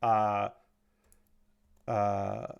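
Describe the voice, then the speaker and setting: A man's voice: fairly low pitch, little pitch movement, extremely slow, creaky, clear, resonant tone, dull audio. A man casually recapping an anime episode on a livestream, loose and profane, with lots of fillers and restarts. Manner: gets heated and indignant when he talks about unfair characters.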